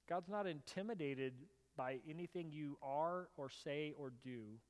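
A man preaching a sermon as a pastor. He tells stories in an animated way and rises to loud, emphatic bursts. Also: on the high side, a little slow. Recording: reverberant hall.

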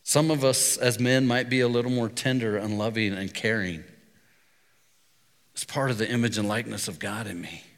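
A man's voice: fairly low pitch, steady tone, moderate pace. A middle-aged man preaching a sermon as pastor, telling stories in a conversational way. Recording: long reverb of a hall.

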